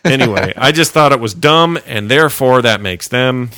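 A man's voice: medium pitch, animated, moderate pace, pushed and bright, dry recording. A man hosting a casual podcast, bantering and laughing, irritated by small things. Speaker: podcast host. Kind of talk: casual chat.

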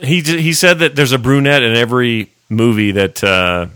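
A man's voice: medium pitch, normal speed, a bit bright, clear, resonant tone, dry recording. A man hosting a casual podcast, bantering and laughing, irritated by small things. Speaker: podcast host. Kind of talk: casual chat.

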